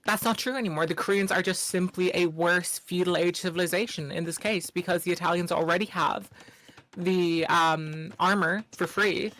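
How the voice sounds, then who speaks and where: A man's voice: high-pitched, fairly even intonation, moderate pace, sharp tone. A man co-casting a strategy game live, giving analytical commentary with joking banter. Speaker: co-caster.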